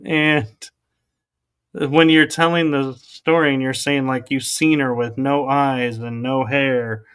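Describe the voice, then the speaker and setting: A man's voice: medium pitch, fairly even intonation, slow pace, fairly bright tone, clear, resonant tone. A man hosting an interview, asking reflective, thoughtful questions. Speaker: podcast host. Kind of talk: interview conversation.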